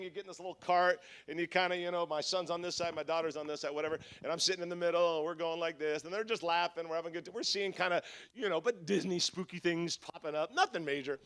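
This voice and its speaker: His high voice sounds smooth and a bit bright. The middle-aged Southern Californian is a guest preacher at a conference, weaving humorous stories at his own expense into the sermon, with plenty of asides and restarts.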